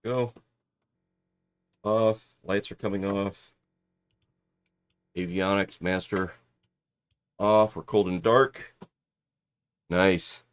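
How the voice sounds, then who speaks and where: A man's voice: deep voice, steady tone, very slow, pauses often, smooth. A man from Southern California chatting casually while streaming a flight simulator, making radio calls and rambling with many restarts.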